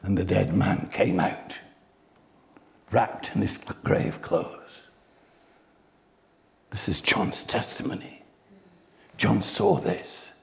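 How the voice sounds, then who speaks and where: Man, preacher, sermon, slow, gravelly, emphatic. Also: deep voice, animated. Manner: slow, rising to loud emphatic peaks.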